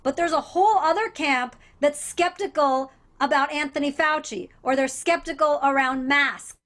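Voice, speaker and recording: A woman comedian from Alabama on a panel, animated and thoughtful, with mocking asides. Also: sits high, moderate pace. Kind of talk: casual panel chat.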